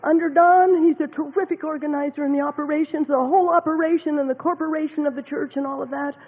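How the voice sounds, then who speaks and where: A woman's voice: high voice, fairly even intonation, fast talker. A woman giving an emotional church testimony, her voice often breaking with tears and laughter as she recovers from having lost her voice. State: recovering from voice loss. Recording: tinny lo-fi recording with long hall reverb.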